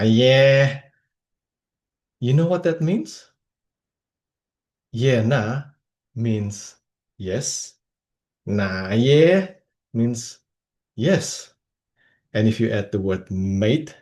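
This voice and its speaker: Animated man telling a comic speech. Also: on the low side. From Indonesia. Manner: animated, comic storytelling with voices. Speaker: club speaker. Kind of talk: humorous speech.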